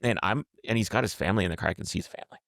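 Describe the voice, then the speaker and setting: Male podcast host, deep gravelly voice, lively raconteur, dry studio sound. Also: very fast, dry recording. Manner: animated, acts out quotes, repeats and restarts words. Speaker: podcast host telling a road trip story. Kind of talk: casual storytelling chat.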